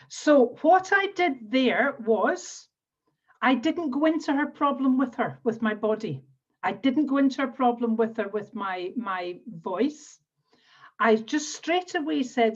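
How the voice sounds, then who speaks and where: A woman's voice: a little high, unhurried. A woman with a Scottish accent teaching a live online coaching workshop, walking listeners through exercises step by step and often repeating phrases. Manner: instructive, repeats phrases while guiding exercises. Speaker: NLP trainer and coach. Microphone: video call. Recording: dull lo-fi webinar audio.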